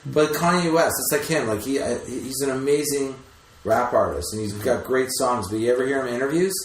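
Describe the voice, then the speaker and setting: A man in casual podcast chat, excitable and swearing, often starting a sentence several times. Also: mid-range voice, brisk. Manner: excitable, swearing, hesitant restarts. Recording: echoey room with faint background noise.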